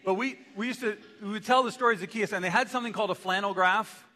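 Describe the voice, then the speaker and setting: A man preaching from the pulpit with a fairly high, bright, forceful voice. He keeps it conversational and slips in joking asides. His words ring out with a long reverb through a church hall. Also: fast. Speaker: pastor. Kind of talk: sermon. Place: church sanctuary.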